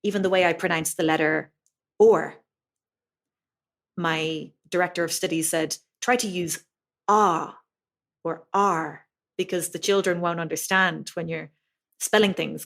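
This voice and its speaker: A woman's voice: fairly low pitch, a little slow, gravelly. A woman with an Irish accent, a language teacher being interviewed, explaining things patiently with plenty of examples. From Ireland. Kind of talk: conversational interview.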